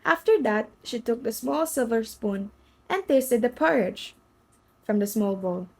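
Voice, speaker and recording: A woman's voice: on the high side, expressive, measured pace, rough recording. A woman reading a children's story aloud as storyteller, with slips and restarts.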